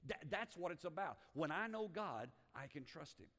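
A man's voice: on the high side, lively intonation, normal speed, fairly bright tone, big-room sound. A man preaching a sermon as a pastor, talking emphatically with frequent restarts and building in volume.

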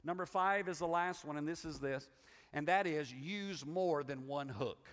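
Folksy Southern pastor preaching in a sanctuary. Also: male voice, fairly high pitch, unhurried, a bit bright, long reverb tail. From Southern United States. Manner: folksy, conversational preaching with repetitions and restarts. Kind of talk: sermon.

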